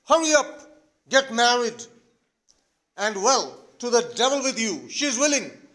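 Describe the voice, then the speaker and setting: A man voicing an irritable older father, blustering and shouting. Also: extremely high pitch, moderate pace. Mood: exasperated. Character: irritable old father, quick-tempered.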